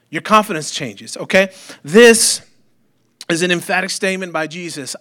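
A man's voice: high-pitched, normal speed, a bit bright. A man pastor preaching a sermon in a church, conversational and humorous, with frequent rhetorical questions to the congregation.

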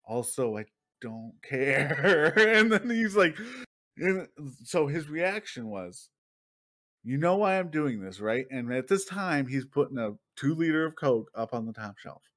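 A young man chatting casually as a podcast co-host, telling stories with lively acted-out outbursts and frequent laughter. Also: medium pitch, unhurried. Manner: animated storytelling, acting out people with loud outbursts, laughs often. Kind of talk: casual chat.

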